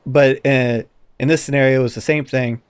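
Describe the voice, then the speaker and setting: A man's voice: mid-range voice, a little fast, clear, resonant tone, no echo. A man co-hosting a podcast in casual chat, telling a story with lots of swearing and acted-out quotes. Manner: animated storyteller, acts out quotes, swears often. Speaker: podcast co-host.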